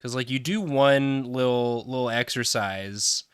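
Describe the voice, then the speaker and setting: A man's voice: mid-range voice, unhurried, clean tone, dry recording, clean studio sound. A young man co-hosting a casual stream chat, rambling and joking, sometimes acting out silly voices in his stories. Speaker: co-host.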